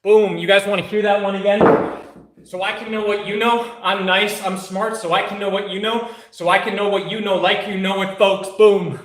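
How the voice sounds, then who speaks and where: A man's voice: high-pitched, flat delivery, moderate pace, reverberant, very noisy. A man streaming a casual live workout, mixing hyped, joking, profane chatter with soothing exercise cues. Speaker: fitness streamer.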